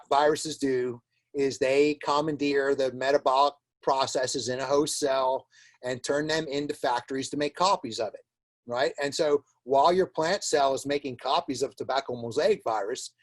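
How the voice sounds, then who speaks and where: Man, informal webinar lecture, chatty, stumbles and repeats words, dry humor. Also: mid-range voice. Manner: casual and chatty, many fillers and repeated words; wry, laughs at his own jokes. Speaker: webinar presenter on plant diagnostics.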